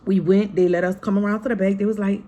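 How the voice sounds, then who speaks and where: Woman host, casual storytime, mid-pitched voice, vivid and blunt, swears freely, talks to her viewers like friends. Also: flat delivery, fast, mellow. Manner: chatty, frank and profane, keeps calling to viewers as "y'all" and "girl"; re-enacts scenes vividly in the retelling. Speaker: family vlogger, mother.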